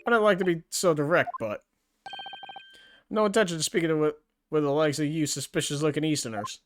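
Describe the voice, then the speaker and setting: A man voicing a huge, gruff male prison governor with a put-on Scottish accent, blustering and threatening. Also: on the high side, brisk, slight background noise, lightly acted. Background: game music.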